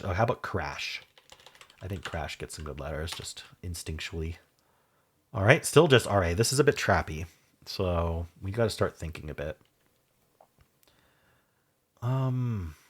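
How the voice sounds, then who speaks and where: Deep, husky-voiced man musing over a puzzle. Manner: musing, spells out letters, trails off softly. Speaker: Wordle video host. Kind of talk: thinking aloud while solving a word puzzle.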